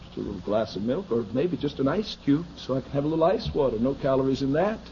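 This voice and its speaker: Pastor guy preaching hard in church, goes quiet then yells, muffled old tape with a little hiss. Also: medium pitch, expressive, fast. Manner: swings from hushed asides to shouted pleas. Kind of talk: fiery sermon. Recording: dull lo-fi archival recording with faint noise.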